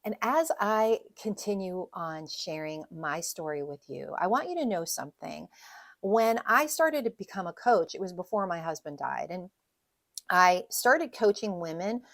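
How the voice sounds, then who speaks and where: A middle-aged woman speaks in a lowish voice, with the earnest, conversational manner of a coach giving advice. She walks through her points one numbered step at a time. The recording is close and dry, with almost no room sound. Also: expressive, measured pace, dry recording. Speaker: widowhood coach. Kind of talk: casual podcast talk, advice monologue.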